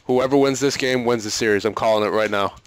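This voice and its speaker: A man's voice: mid-range voice, quick pace, clear, resonant tone, no room sound. Exasperated man commenting on a hockey game. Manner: exasperated, pleading with his team, frequent laughs and sighs. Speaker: gaming commentator. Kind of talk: let's-play commentary.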